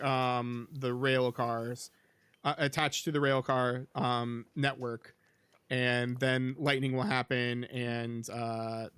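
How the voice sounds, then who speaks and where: A man's voice: medium pitch, fairly bright tone, clear, resonant tone, dry recording. A man hosting a podcast, recapping a film in casual chat, rambling with lots of ums and likes. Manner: rambling, filler-heavy, with many ums and likes. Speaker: podcast host.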